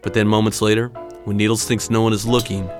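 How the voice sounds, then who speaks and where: A man's voice: fairly low pitch, flat delivery, fast, faint music behind. A man telling a dramatic personal story in punchy, short clipped phrases.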